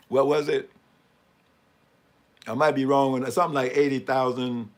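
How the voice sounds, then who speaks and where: A man giving sarcastic, mocking commentary on a live stream and asking for the next image as he talks through slides. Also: medium pitch. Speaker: speaker commenting on news images.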